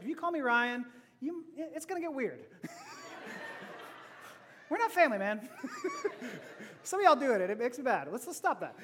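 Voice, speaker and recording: A man preaching a sermon, playful and joking, dropping from loud to hushed and back. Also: extremely high pitch, in a large hall. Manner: playful, laughing asides, swings from loud to hushed. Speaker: pastor.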